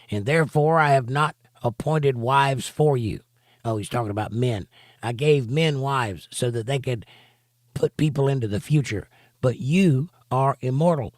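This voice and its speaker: Bible study teacher, male, mid-pitched voice, reads passages then comments emphatically, dry close sound. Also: a little mellow, no echo. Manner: emphatic, rhetorical asides between readings. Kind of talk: reading scripture aloud with commentary. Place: home studio for a livestream.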